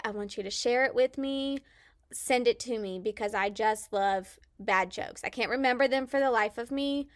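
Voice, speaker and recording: A woman's voice: fairly high pitch, a bit bright, no echo, studio quality. A woman from Kansas with a faint Southern twang, co-hosting a podcast in an enthusiastic, chatty way with frequent "um"s. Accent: Kansas with a slight Southern twang. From Kansas, USA. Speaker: podcast co-host, childcare specialist. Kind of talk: casual podcast monologue. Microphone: podcast microphone.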